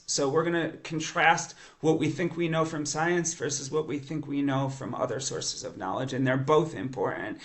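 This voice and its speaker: A man teaching science in an eager, conversational lecture, explaining as he goes and often restarting his sentences. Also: on the high side. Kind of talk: educational lecture monologue.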